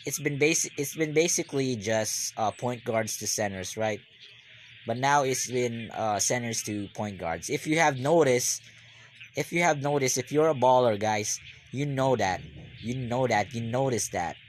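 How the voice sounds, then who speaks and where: A man giving live basketball reaction commentary, rambling and repeating himself, then bursting into excited yells. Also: mid-range voice, slight background noise.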